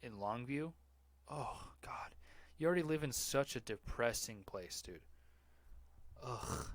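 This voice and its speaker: A man's voice: mid-range voice, expressive, slow pace, no room sound. A man hosting a podcast, reading online posts aloud in a casual, mocking, profane way. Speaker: podcast host.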